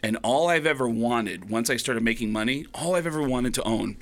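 A man, a stand-up comedian, telling a long anecdote in conversation and lively acting out the voices of the people he quotes. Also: brisk. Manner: animated, acts out quoted voices with big pitch jumps.

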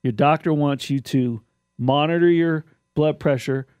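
A man's voice: a little high, a little slow, darkish tone, clean tone, no room sound. A man in his fifties telling a rambling story with many restarts, co-hosting a casual radio show. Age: 50s. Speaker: radio co-host. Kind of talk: casual chat.

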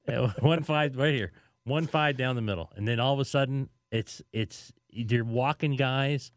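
Male sports media host, mid-pitched, prone to emphatic rants, dry close sound. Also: normal speed, dry recording. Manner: emphatic ranting with repeated phrases. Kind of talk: casual sports chat.

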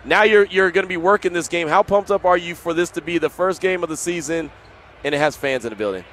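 A man's voice: high-pitched, fast, fairly bright tone. A man hosting live sports radio outdoors at a stadium, upbeat and full of hype, repeating phrases. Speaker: radio host.

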